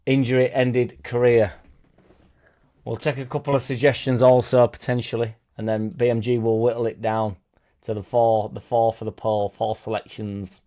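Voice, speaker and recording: A man running a casual livestream, his voice soft and mellow without edge, sitting in the middle of the male range. He rambles easily from one thought to the next and reads out viewers' comments with a shrug of self-deprecating humor. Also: mid-range voice, level tone, normal speed. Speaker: fan channel host. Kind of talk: casual live-stream chat.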